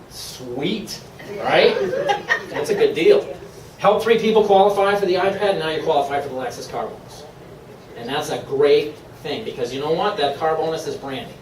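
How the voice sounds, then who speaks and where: A man from Maine giving an upbeat, persuasive sales pitch to a live room, laughing often. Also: echoey room, far from the mic, slight background noise, low-quality recording. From Maine, USA. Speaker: presenter at a sales meeting. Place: meeting room.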